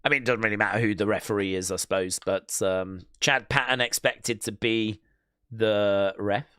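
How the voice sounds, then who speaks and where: Bright, chatty male stream host. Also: on the low side, steady tone, moderate pace, clear, resonant tone, no room sound, clean studio sound. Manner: chatty, musing aloud with filler words; reads news items aloud to viewers. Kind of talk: live watch-along commentary.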